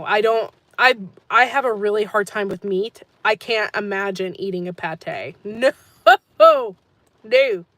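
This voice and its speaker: A woman's voice: a little high, fairly bright tone, no echo. A woman hosting a gardening channel, chatting casually on a live stream and answering viewer comments, rambling and laughing often.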